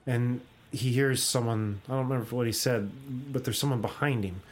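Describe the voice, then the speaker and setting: A young adult man hosting a podcast, casually retelling a comic with laughs and quick voiced-out lines. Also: mid-range voice, steady tone. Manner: rambling, laughs often, acts out quoted lines. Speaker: podcast host.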